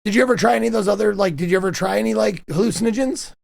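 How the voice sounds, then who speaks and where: A young man hosting a chat with his mother, telling stories in a casual, animated way and laughing often. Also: high-pitched, very fast, vocal fry. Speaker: host interviewing his mother.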